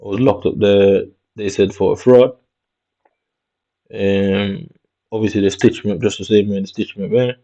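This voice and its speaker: A man's voice: fairly low pitch, steady tone, moderate pace, mellow. A man from Jamaica with a Jamaican accent, muttering to himself with swearing and slang as he comments casually on his screen. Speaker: vlogger. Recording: dull lo-fi recording.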